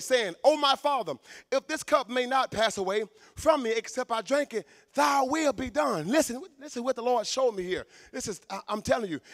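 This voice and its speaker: A man preaching a sermon in a church, fervent, shouting for emphasis and stumbling over repeated words. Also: very high-pitched, dry recording, studio quality.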